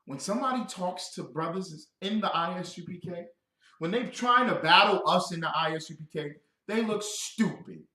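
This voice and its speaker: Man, scripture teacher, loud and joking, lively high voice, roomy echo. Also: normal speed. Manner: loud, joking, calls on listeners to answer. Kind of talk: animated scripture breakdown.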